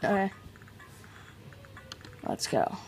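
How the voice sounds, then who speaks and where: A woman doing casual let's-play commentary, joking around and reading on-screen tutorial text aloud. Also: drawn-out words. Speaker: gameplay commentator.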